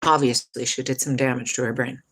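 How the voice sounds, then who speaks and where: A woman's voice: a bass voice, little pitch movement, a little fast, a bit bright, slightly rough. A woman telling a personal story to her live chat, rambling and emotional, swearing, losing her train of thought and starting over.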